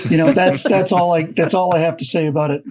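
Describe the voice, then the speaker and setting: Male commentator, high-pitched and raspy, halting delivery with frequent restarts. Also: steady tone, darkish tone. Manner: halting, repeats words, restarts often. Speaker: co-host and commentator. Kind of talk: casual political commentary.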